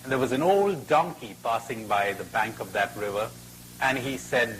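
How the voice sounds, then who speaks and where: A man giving a spiritual talk and telling a fable, expressive with dramatic pauses. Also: fairly low pitch, slight background noise, rough recording. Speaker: spiritual speaker.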